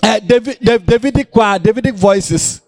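In a high voice at a moderate pace, with no echo, this man with a Ghanaian accent preaches to his church. His manner is lively, teasing and scolding by turns.

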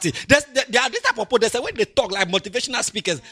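Ghanaian male pastor, high husky voice, animated sermon delivery. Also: very fast, hardly any pauses. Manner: animated, swings from quiet asides to loud emphatic preaching.

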